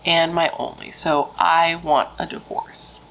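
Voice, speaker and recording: A woman's voice: deep voice, little pitch movement, a little slow, vocal fry, fairly bright tone, full character voice, rough recording. A woman voicing a middle-aged husband who is blunt and dismissive as he walks out of his marriage. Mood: flat resolve.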